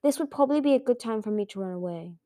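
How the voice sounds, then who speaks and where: A woman's voice: a little high, expressive, very fast, mellow, no echo, close to an everyday voice. A woman voicing a sly, glib young male dragon, talking in a wry, airy way.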